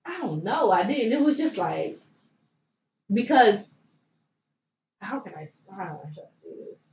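A woman's voice: medium pitch, very animated, unhurried, a little mellow. A young woman from Philadelphia tells her story as an interview guest, rambling casually with plenty of likes and you knows. She sits back from the mic in a roomy space, so her voice sounds distant and echoey. The sound is dull, with a faint noise underneath. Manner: loose and chatty, filler-heavy with many likes and you knows. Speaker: guest, former pro basketball player.

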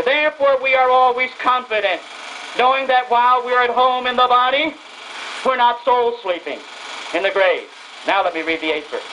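A woman's voice: a little high, a bit bright, a little hiss or hum, rough recording. Emphatic woman preaching a radio sermon. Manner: emphatic preaching that builds through repeated phrases; reads scripture aloud and stresses single words.

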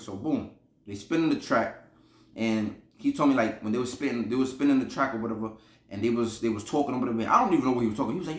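Guy from buffalo telling a prison story fast, loose and slangy, kinda echoey room. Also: medium pitch. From Buffalo, New York. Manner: rambling, slangy, repeats himself, laughs while telling. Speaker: podcast storyteller.

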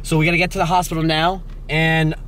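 Excited young American vlogger man. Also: on the high side, fast, slight background noise. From United States. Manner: excited, chatty, lots of "like" and "dude". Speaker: exploring vlogger. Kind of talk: casual vlog talk to camera.

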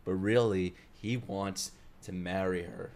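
A man hosting an anime reaction video, talking excitedly in profane, joking asides as he watches. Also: sits low, slow. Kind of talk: live reaction commentary. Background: faint anime soundtrack.

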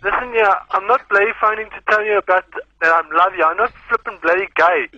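A man's voice: high-pitched, fast, pushed and bright, no echo. A man calling a radio station, irritated and blunt, throwing insults at the person on the line. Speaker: caller. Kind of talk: phone call. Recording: muffled phone line with hiss.

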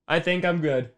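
A man's voice: high-pitched, fairly bright tone. A man streaming his reaction to a football game, caught in a laughing fit and giggling through his words. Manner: giggly, keeps breaking into laughter. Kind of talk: casual live-stream reaction.

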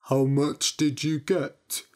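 A woman doing a slow, dim-witted older brother. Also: low-pitched, level tone, darkish tone. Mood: dull. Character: dim, angry older brother, grown man.

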